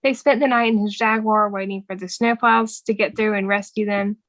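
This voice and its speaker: A woman's voice: mid-range voice, steady tone, a little fast, no room sound, rough recording. A woman co-hosting a podcast, chatting casually and reading quoted movie lines aloud in an earnest tone. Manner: reads quoted film dialogue aloud, warm and earnest. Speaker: podcast co-host. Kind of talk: casual movie recap chat.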